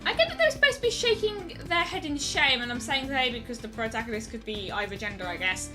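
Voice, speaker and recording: A woman's voice: high voice, very animated, quick pace. A woman hosting a let's play, giving chatty, wry commentary that nitpicks the game, with game music behind. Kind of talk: gameplay commentary.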